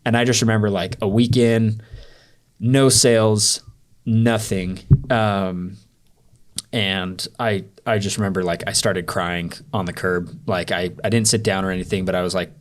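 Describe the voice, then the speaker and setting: Deep-voiced young man telling a story. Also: fairly even intonation, a little slow. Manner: loose and rambling, heavy use of "like" fillers. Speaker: podcast guest. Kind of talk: storytelling in a casual interview.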